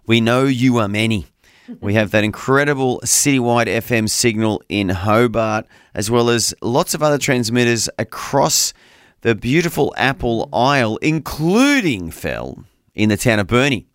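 A man's voice: medium pitch, lively intonation, normal speed, clear, resonant tone, dry recording, clean studio sound. Upbeat man hosting breakfast radio. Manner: upbeat, chatty, playful. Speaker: radio breakfast show co-host. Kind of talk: casual radio banter. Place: radio studio.

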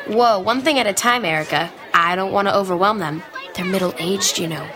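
A woman's voice: mid-range voice, a little fast, crowd noise, close to an everyday voice. An actress playing a good-natured, slightly clumsy teenage girl who talks sheepishly. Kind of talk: radio drama acting.

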